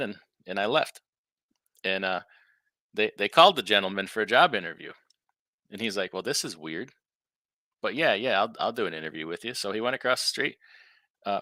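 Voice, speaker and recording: A man's voice: lowish voice, sharp tone, no room sound. A man, a guest on a live talk show, telling a funny story with chuckles and repeated words.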